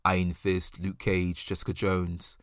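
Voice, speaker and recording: A man's voice: low voice, completely flat delivery, measured pace, dry recording, clean studio sound. A man co-hosting a podcast in casual chat, rambling with fillers and restarts. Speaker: podcast co-host.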